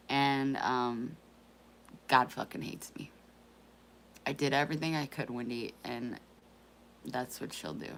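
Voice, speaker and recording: Woman vlogger, low voice, unhurried, emotional and hesitant, faint room hum behind. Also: fairly even intonation. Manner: emotional, quiet, hesitant, with restarts. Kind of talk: emotional personal talk.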